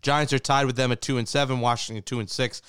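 Smooth-voiced male sports podcast host. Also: medium pitch, fairly even intonation, fast talker, a bit bright, no room sound, studio quality. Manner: wry, joking.

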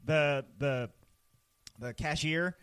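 A man's voice: a little high, very slow, a bit bright, a little hiss or hum. A man co-hosting a podcast, animatedly retelling a film scene in casual chat and laughing often. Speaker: podcast co-host.

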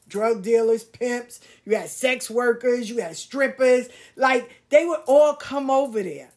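A middle-aged woman telling a personal story, candid and animated, swearing casually and using slang. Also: on the high side. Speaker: podcast host.

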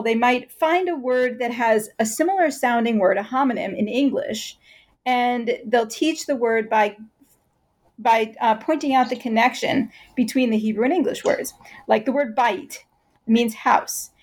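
Woman explaining in measured detail. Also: on the high side. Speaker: scholar guest. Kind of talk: interview answer.

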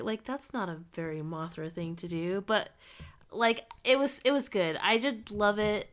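A woman's voice: normal speed, a bit bright. A woman co-hosting a casual podcast, rambling and giggly as she talks it through. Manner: rambling and giggly, quoting with big jumps up in pitch. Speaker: podcast co-host. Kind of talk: casual chat.

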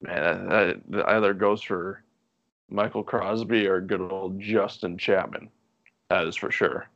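Podcast guest, young man, deep voice, easygoing rambling storyteller, dry muffled recording. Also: unhurried, no echo. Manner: relaxed, rambling, laughs often. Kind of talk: casual storytelling chat.

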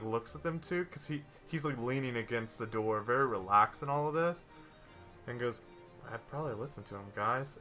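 Give me a male game master narrating a tabletop game. He talks in a loose, casual way in a bright, forceful voice, with faint music underneath. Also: mid-range voice. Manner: loose, filler-heavy narration.

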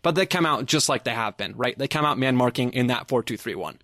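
Easygoing male podcast host, mid pitch, dry close recording, steers the chat. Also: expressive, fast, bright, forceful tone, dry recording. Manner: easygoing, laughs often, leads the talk. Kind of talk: casual soccer podcast chat.

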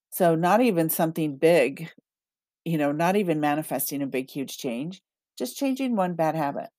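Chatty woman with a low, dry voice. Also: darkish tone, no echo. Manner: chatty, laughs often, reads listener comments aloud. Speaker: podcast host and manifesting coach. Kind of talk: casual solo podcast talk.

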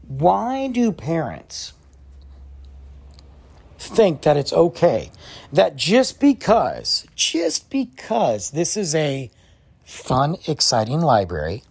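A man's voice: on the high side, wildly swooping pitch, slow, gravelly, long pauses, slightly rough. A young adult man, a podcast host telling a story in a casual, exasperated way and acting out the others' lines.

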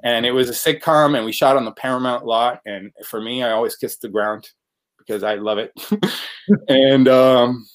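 A man's voice: medium pitch, moderate pace. A man who works as an actor, chatting casually in an interview, rambling with lots of fillers and restarts. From United States. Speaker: actor guest.

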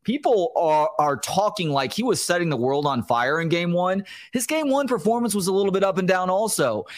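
Male sports-podcast co-host, slightly high voice, easygoing storyteller, dry mic. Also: lively intonation, a little fast, no room sound. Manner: chatty, storytelling. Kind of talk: casual sports talk.

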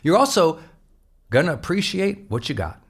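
Pumped-up male host giving a motivational pep talk, emphatic and high-energy. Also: normal speed, vocal fry, husky. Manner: energetic and emphatic, swings from loud exhortation to low asides. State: fired up. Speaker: podcast host. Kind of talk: motivational monologue.

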